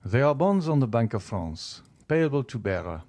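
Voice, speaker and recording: A man's voice: medium pitch, very animated, moderate pace, darkish tone. A man reading as a proud, boastful banker. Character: proud, greedy male banker, shaken. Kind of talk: audiobook character reading.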